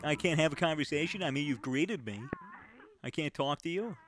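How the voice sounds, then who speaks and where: Male host, playful needler, mildly high voice, loose and profane. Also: brisk, fairly bright tone. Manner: teasing, needling, swears often. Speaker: YouTuber host. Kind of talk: casual game chat.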